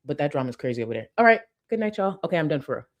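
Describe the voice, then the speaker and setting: A woman YouTuber giving blunt, profane casual commentary who sometimes bursts into excited shouting. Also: low voice, very fast.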